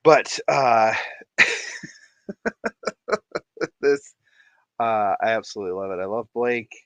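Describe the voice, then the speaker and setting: A man's voice: lowish voice, slow pace, clean tone, no room sound, muffled recording. A man hosting an aquarium channel, chatting to camera in a playful, jokey way, with showman hype and frequent laughs. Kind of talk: casual chat to camera.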